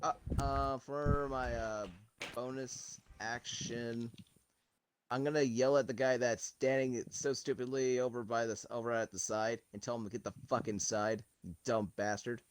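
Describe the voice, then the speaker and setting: A man's voice: medium pitch, steady tone, measured pace, clear, resonant tone. A man playing a tabletop game, talking bluntly and swearing freely. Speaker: player. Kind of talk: casual game chat.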